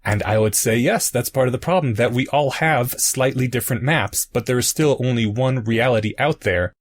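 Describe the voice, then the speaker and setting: A man's voice: medium pitch, normal speed. Man explaining ideas on a podcast. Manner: explains patiently with analogies. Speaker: podcast co-host. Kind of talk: casual explanatory chat.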